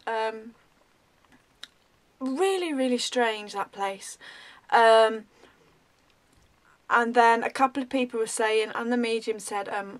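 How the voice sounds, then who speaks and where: A woman vlogger telling a story in a rambling, animated way, full of ums. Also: a little high. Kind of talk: casual storytelling.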